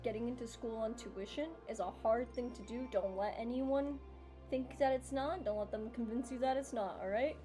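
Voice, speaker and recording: A man's voice: very high voice, normal speed, over music. Woman doing a huge doting dad. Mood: fond. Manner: affectionate, cheesy pep talks.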